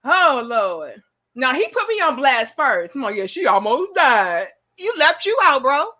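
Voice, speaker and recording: A woman's voice: sits high, very animated, unhurried, pushed and bright. A young woman hosting a casual live-stream chat, playful and teasing, laughing often. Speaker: host.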